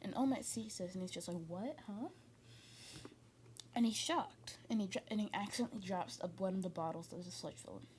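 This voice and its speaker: A woman's voice: mid-range voice, fast talker, hardly any pauses, darkish tone, slight background noise. A woman casually retelling a fan story, rambling with many fillers and restarts.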